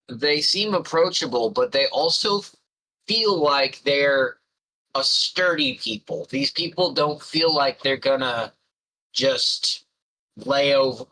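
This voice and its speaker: A man running a tabletop game as game master, describing the scene in an unhurried, musing way with frequent fillers. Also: medium pitch, bright, forceful tone, a little hiss or hum, low-quality recording.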